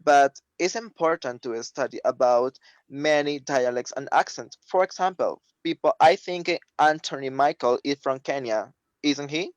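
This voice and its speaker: A man whose first language is Spanish, talking in a halting way with many fillers in a casual online discussion during a webinar. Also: medium pitch, no echo, dull audio. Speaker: webinar participant. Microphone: video call.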